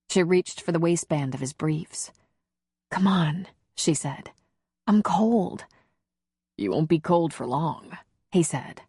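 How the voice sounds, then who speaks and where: A woman narrating an audiobook in a calm, even, intimate reading. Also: low-pitched, no room sound, studio quality. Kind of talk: scripted narration.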